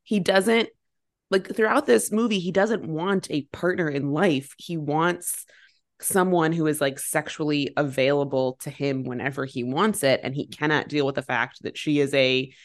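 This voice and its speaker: Woman, thirties, low voice, animated, acts out quotes, casual podcast talk. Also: moderate pace. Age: 30s. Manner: animated storytelling, acting out quotes. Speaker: podcast co-host. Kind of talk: casual chat.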